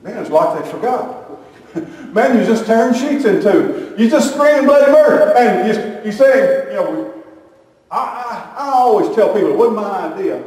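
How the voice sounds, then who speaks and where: A man's voice: high voice, expressive, normal speed, a little mellow. A man preaching a sermon, telling stories with animation and acting out the voices of the people in them. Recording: echoey hall from a distance.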